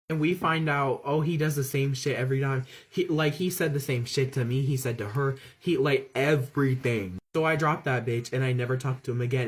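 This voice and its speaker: A young man telling a dramatic, gossipy story in a casual style, heavy on slang. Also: medium pitch. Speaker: storytime vlogger.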